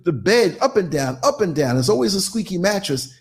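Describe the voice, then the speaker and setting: A man spins a story on his live podcast show. His voice sits a bit high and swings widely in pitch, theatrical and full of acted-out sounds. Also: sing-song, a little fast, hardly any pauses. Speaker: podcast host.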